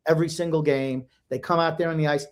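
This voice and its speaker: A man's voice: a little high, steady tone, fast. An older man co-hosting a sports podcast, blunt and emotional in casual chat. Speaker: podcast co-host.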